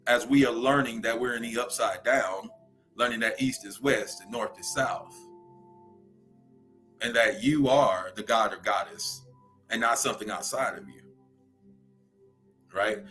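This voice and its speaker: A young man with a Louisiana Southern accent hosts a spiritual livestream, unhurried and preachy, often pausing to ask his viewers "right?". His pitch sits at an ordinary middle level while he stretches out his words. Soft music plays faintly behind him.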